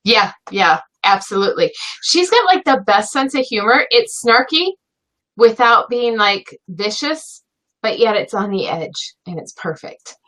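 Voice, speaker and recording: A woman's voice: mid-range voice, rough recording. An American woman with an Upper Midwestern accent, co-hosting a casual live-stream chat and telling stories with animation. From northern United States near Canada. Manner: animated storyteller, quick to laugh. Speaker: co-host.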